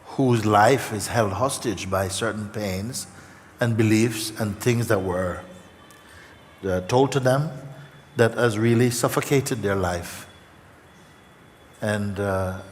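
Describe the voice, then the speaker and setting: Halting man speaking in a reverberant hall. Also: lowish voice, a little hiss or hum. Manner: gentle, halting, many fillers and repeats. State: emotional. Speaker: spiritual teacher. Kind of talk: spiritual talk to an audience. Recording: hall reverb, faint ambience.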